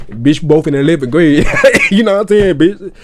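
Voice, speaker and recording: A man's voice: fairly high pitch, brisk, a little hiss or hum. Guy doing reaction commentary, loose and rambling, cusses a lot, keeps circling back. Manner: animated, rambling, repeats himself, swears a lot. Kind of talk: casual profane commentary.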